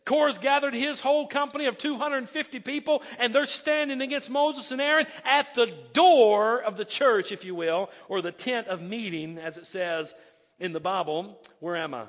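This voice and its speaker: A man's voice: very high voice, normal speed, fairly bright tone. A male pastor preaching a sermon, reading scripture aloud with emphatic asides and stumbling restarts. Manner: repeats words when starting sentences. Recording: echoey hall reverb.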